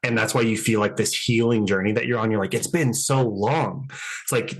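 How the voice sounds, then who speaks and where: A man who works as a dating coach chats loosely on a podcast in a low voice. His tone is husky and full of casual fillers. He often acts out imagined conversations with clients.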